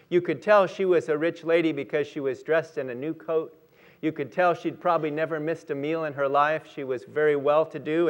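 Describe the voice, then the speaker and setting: Male pastor, high-pitched, earnest sermon delivery. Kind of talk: sermon with prayer and storytelling.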